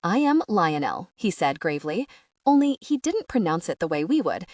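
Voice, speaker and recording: A woman reads a first-person audiobook, her lowish voice leaping up and down as she slips into sarcastic asides. The tone stays wry and knowing throughout. The recording is close and completely dry, with no room sound. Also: very animated, fairly quick, warm tone, no room sound. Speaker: audiobook narrator.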